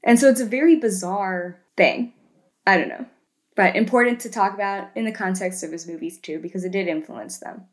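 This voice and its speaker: A woman co-hosting a casual podcast, retelling film scenes in an animated way and tagging lots of questions. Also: mid-range voice, fairly quick. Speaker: podcast co-host.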